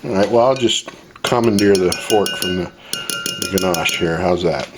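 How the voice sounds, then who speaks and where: A man hosting a home cooking demonstration, talking in a relaxed, chatty and self-deprecating way as he works in his kitchen. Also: sits low, normal speed, noisy background. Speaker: home cooking show host.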